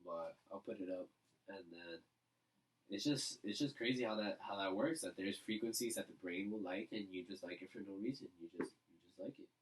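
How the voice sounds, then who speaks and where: A young man co-hosting a casual podcast, relaxed and agreeable, chiming in with questions. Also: deep voice, fairly quick, far from the mic, slight background noise, low-quality recording. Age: young adult. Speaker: podcast co-host. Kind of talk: casual chat.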